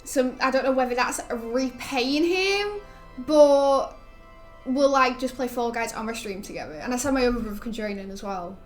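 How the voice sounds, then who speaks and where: A woman's voice: a little high, normal speed, faint music behind. Chatty young woman streaming. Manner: chatty, rambling, laughs often. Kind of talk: casual gaming stream chat.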